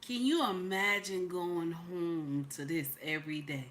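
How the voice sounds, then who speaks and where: A woman giving casual reaction commentary on a vlog, animated and exclamatory, full of chatty asides. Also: on the low side, unhurried, slight background noise. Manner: animated, exclamatory, mimics others' voices. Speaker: YouTube commentator.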